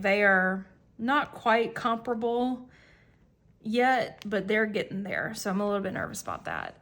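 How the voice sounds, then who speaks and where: A woman in her thirties chatting casually as she flips through her planner, rambling and self-deprecating, with frequent restarts and fillers. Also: medium pitch. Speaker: planner vlogger.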